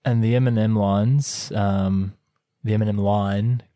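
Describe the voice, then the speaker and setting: Low, mellow man hedging with "um"s. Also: steady tone, measured pace, dry recording, clean studio sound. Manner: hesitant, frequent "um" and "like", self-deprecating. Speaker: podcast co-host. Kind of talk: casual chat.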